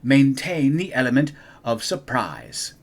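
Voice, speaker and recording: A man's voice: mid-range voice, very animated, a little slow, vocal fry, voice pushed up, exaggerated voice. A man voicing a stern, bossy monster boss in a children's storybook, speaking in a clipped, commanding way. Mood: instructive.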